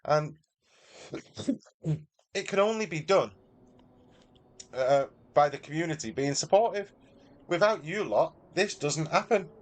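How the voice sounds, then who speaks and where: Slow and animated, this slightly high-pitched voice belongs to a Mancunian livestreamer who pauses often. Hailing from Manchester, England, he chats easily with his audience and reads their messages in a pally way.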